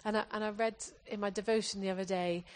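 A woman's voice: medium pitch, fairly even intonation, quick pace. A woman preacher from England giving an earnest sermon, often restarting her phrases as she exhorts the congregation.

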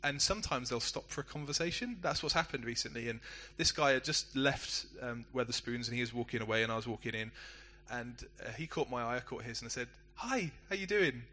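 A middle-aged man, a pastor preaching a sermon in a relaxed, conversational storytelling way with self-deprecating asides. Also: mid-range voice, quick pace, hardly any pauses. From England.

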